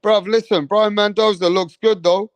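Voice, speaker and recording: Young guy hosting a boxing stream, pretty high voice, slangy and repetitive, dry close mic. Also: fairly even intonation, moderate pace, no room sound. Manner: repetitive, slangy, reads viewer comments aloud. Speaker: boxing livestream host. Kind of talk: casual live chat.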